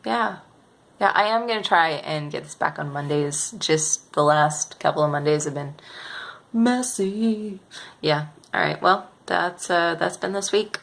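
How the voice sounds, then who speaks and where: A woman's voice: sits low, measured pace, creaky, fairly bright tone. A young woman vlogging a casual weekly update, rambling and hesitant with many fillers and restarts. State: sleepy, yawning.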